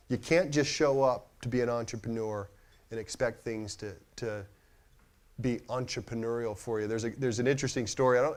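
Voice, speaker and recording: A middle-aged man giving a motivational talk to a live audience in a conference room, telling stories in a conversational way and putting questions to the crowd. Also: mid-range voice. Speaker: keynote speaker.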